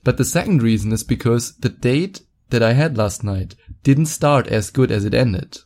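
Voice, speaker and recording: A man's voice: medium pitch, animated, normal speed, darkish tone. A young man hosting a podcast, talking in a blunt, profane, boastful way. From Germany. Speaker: podcast host. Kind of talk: casual monologue podcast.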